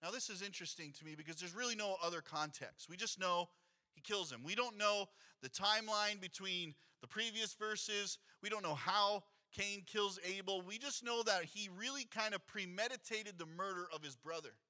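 A pastor with a high-sitting, pushed and bright voice preaches at a normal pace in a conversational style. He reads scripture aloud and adds rhetorical asides to his congregation.

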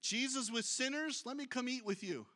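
A man preaching a sermon, reading scripture aloud and breaking off into lively, conversational asides. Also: very high-pitched, normal speed. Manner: reads scripture aloud, then breaks off to comment. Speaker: pastor.

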